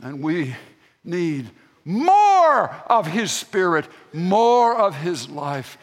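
A man's voice: sits high, very animated, very slow, big-room sound. An older man, a grandfather, preaching a sermon with folksy storytelling and emphatic peaks. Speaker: pastor.

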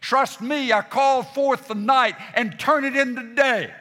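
Casting note: God, voiced by a male preacher, raised and emphatic, bright and forceful. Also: very high voice, a little slow, long reverb tail, pitched above the performer's own voice, full character voice. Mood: commanding. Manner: emphatic declarations with repeated refrain. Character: God, a commanding, reassuring male divine voice.

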